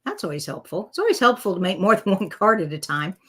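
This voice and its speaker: A chatty woman talks through a live crafting demo, mid-pitched and easygoing. She narrates her own hands as she works, dropping fillers and little asides to viewers. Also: big pitch swings, fast talker, noisy background. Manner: chatty, self-talking while working, frequent fillers. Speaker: craft demonstrator.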